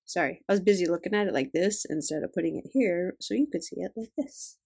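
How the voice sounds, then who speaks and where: An older woman chatting quietly and fondly as she unboxes stickers and tape, keeping her voice down. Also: lowish voice, animated, fast talker, creaky, slightly rough. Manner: hushed, gushing, fond. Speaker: vlogger. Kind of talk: casual unboxing chat.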